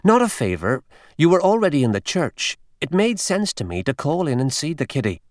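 A man's voice: a little high, sing-song, fairly quick, no echo, studio quality. A man voicing an earnest, polite young country doctor in an audiobook reading.

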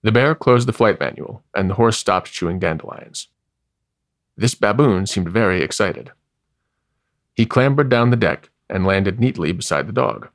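A man reading a story aloud, measured and wry, with expressive delivery. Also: on the low side, dry recording, clean studio sound. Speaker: narrator.

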